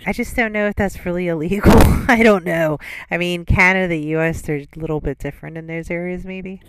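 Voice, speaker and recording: A woman talks over a clip she is reacting to. She is blunt and openly scolding, calling the streamer out without softening her words. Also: fairly low pitch, steady tone, brisk, slight background noise. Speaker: reaction commentator. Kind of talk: reaction commentary.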